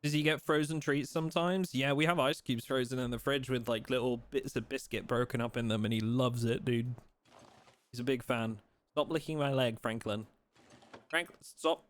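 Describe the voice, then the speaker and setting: A man's voice: medium pitch, steady tone, brisk. A man live-streaming a video game, chatting casually with his viewers and playfully complaining. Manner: playful, mock outrage, talks to his dog in a soft voice.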